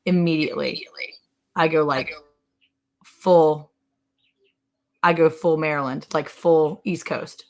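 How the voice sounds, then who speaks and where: A woman co-hosts a relaxed live stream with a slightly low voice. She is bubbly and quick to laugh, and she keeps up the chatter by reading viewer comments aloud. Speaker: co-host of a ranch live stream. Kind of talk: casual live-stream chat.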